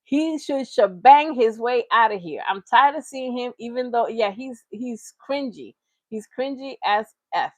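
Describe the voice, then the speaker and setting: Woman, casual commentary host, mocking and playful, rambling, fairly high voice, dry close recording. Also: expressive, measured pace, dry recording. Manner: mocking, playful, rambling with invented nonsense words. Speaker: reaction channel host.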